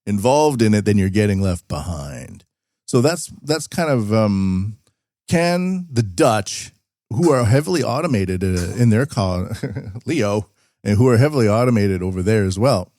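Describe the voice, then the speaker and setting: Low-voiced man riffing on news. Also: dark tone, no room sound, studio quality. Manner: rambling, sarcastic asides while reading articles. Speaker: podcast host. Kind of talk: casual news commentary.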